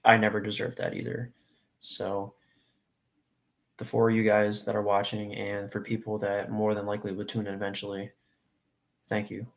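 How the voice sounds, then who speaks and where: A man's voice: on the low side, monotone, moderate pace, gravelly, long pauses. A late-teens young man livestreaming, talking in an earnest, rambling and openly emotional way to his viewers. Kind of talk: casual live stream chat.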